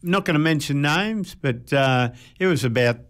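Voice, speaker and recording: A man's voice: on the high side, animated, moderate pace, a bit bright, clean tone. A man co-hosting a radio show, speaking with hesitant fillers. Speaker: radio co-host. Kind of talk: casual radio chat.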